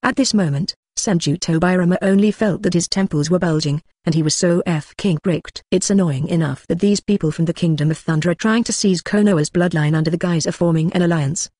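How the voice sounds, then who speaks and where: A text-to-speech voice narrating an audiobook in a flat, even read that speaks punctuation marks aloud. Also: medium pitch, fairly quick, few pauses, no room sound, clean studio sound.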